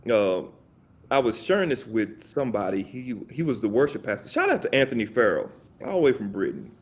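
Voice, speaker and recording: A man chatting as a podcast guest in an animated, rambling way, with many fillers and restarts. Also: medium pitch, a little fast. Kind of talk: casual chat.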